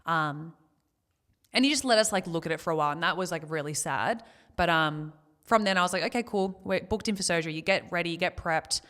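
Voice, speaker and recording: A young woman, sharing a painful personal story as a podcast co-host, emotional and near tears at times but quick to laugh. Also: fairly low pitch, a bit bright.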